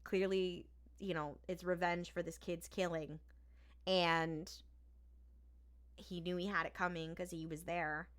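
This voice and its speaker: A woman's voice: lowish voice, measured pace, long pauses. A woman co-hosting a podcast, chatting casually as she retells an episode and acts out the lines. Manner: animated retelling with quoted lines. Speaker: podcast co-host. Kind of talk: casual recap chat.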